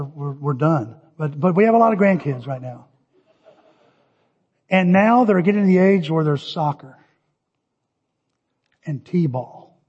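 Older male pastor, high-pitched and husky, animated storyteller, lo-fi recording in a reverberant hall. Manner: animated storytelling, shouting cheers in quotes. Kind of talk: sermon. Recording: dull lo-fi audio with long hall reverb.

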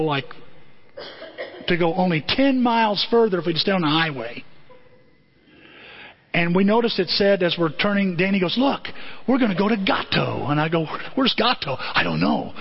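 A middle-aged male pastor telling a story in a sermon, animated and conversational, with comic asides. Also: high voice. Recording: dull lo-fi audio.

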